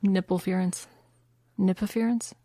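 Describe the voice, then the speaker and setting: A woman's voice: medium pitch, fairly even intonation, measured pace, very noisy. A woman hosting a podcast in casual chat, chatty and self-deprecating. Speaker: podcast host.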